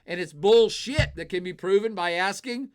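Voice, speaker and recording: A man's voice: sits high, moderate pace, smooth. Blunt, opinionated man streaming live. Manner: blunt, opinionated, profane, lots of uh fillers. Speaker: live-stream host answering chat. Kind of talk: casual live-stream commentary.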